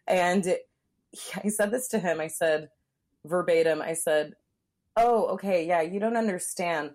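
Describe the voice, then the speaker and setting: A woman's voice: fairly low pitch, a little slow, darkish tone. A young woman chatting casually and frankly, with lots of fillers, acting out what people said. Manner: candid and frank, many fillers, acts out quotes. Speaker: guest telling a story. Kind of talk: casual chat.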